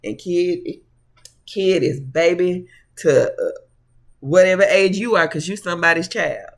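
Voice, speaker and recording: Give me a high-voiced man doing a casual tarot reading to camera, sassy and preachy. He calls the viewers honey and baby and laughs easily between his points. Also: a little slow, gravelly. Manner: laughs often. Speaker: tarot reader.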